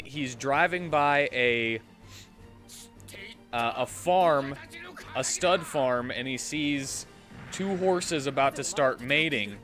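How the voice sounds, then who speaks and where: Slow, rambling man streamer. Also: fairly high pitch, fairly bright tone. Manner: rambling, halting retelling full of "like". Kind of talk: casual chat while gaming. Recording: faint game music behind.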